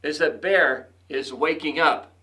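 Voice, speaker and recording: A man's voice: fairly high pitch, unhurried, pushed and bright. A man voicing a cranky, grumbling male rabbit in a read-aloud storybook, complaining about spring. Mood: grumpy.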